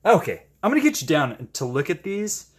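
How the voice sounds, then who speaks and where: Male craft host with a hugely animated, swinging pitch, excitable and gushing, chatty and self-deprecating. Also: fairly quick, husky. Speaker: paint-pouring channel host. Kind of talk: casual narration while painting.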